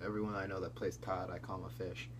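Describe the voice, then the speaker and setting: A young man co-hosting a casual comedy chat, tossing in quick jokes. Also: deep voice, flat delivery, background noise. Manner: quick joking interjections. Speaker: co-host.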